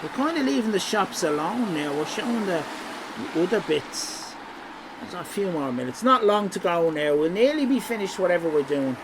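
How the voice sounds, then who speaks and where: A man's voice: sits high, sing-song, moderate pace, background noise. A man giving rambling, teasing live-stream commentary over a city walk. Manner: jokey, rambling, teasing chat.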